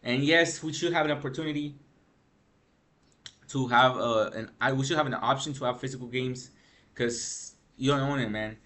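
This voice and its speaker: A man's voice: medium pitch, normal speed, fairly bright tone. A man vlogging gaming news in a rambling, slangy rant, tired from lack of sleep. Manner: rambling, slangy, frequent "bro" and "freaking". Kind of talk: casual ranting commentary.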